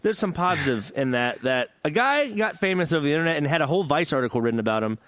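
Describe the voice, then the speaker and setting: Man, podcast host, casual chat, joking and rambling, lively swooping pitch, dry close sound. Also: fast, no room sound.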